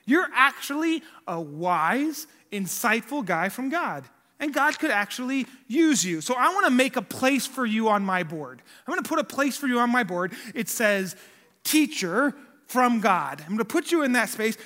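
A man voicing an earnest, bright-toned scholar. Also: extremely high pitch, big pitch swings, normal speed, in a large hall, heavily acted.

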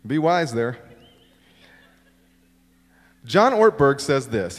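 A middle-aged man preaching in a sanctuary, his voice swinging widely and expressively as he tells stories at his own expense. He sits at an ordinary pitch, and a long reverb trails after each phrase from the large hall. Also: expressive, normal speed, pauses often. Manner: storytelling, self-deprecating humor with acted-out quotes. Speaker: pastor. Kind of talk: sermon.

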